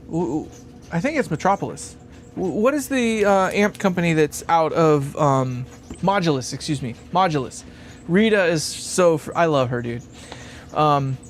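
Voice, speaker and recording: High-voiced man rambling on a livestream. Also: slight background noise. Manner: rambling, laughs often, swears freely. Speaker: livestream host building a guitar amp. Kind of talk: casual livestream chat.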